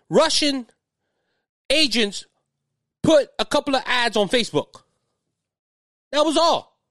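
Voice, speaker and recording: A man's voice: very high voice, fairly bright tone, no room sound, clean studio sound. A middle-aged man with a Cajun accent hosting a political podcast, talking in an agitated, rambling way and often repeating words. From Louisiana. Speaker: podcast host.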